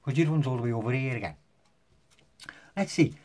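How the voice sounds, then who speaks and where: A man's voice: medium pitch, fast talker, a little mellow. A man casually demonstrating magic tricks to the camera, joking and poking fun at himself as he rambles. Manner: jokey, self-mocking, rambling.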